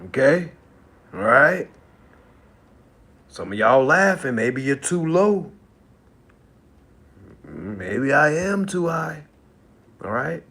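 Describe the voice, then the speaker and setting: A man speaks in a high, lively voice that swings widely in pitch. He talks casually and animatedly, laughing often and repeating his lines for emphasis. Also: very slow, pauses often. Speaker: livestream host. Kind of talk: casual livestream monologue.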